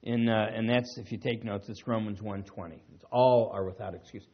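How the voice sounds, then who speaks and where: A man's voice: fairly low pitch, fairly even intonation, brisk, breathy edge, dull audio. A male pastor preaching a conversational sermon, teaching casually, chuckling now and then and restarting his sentences.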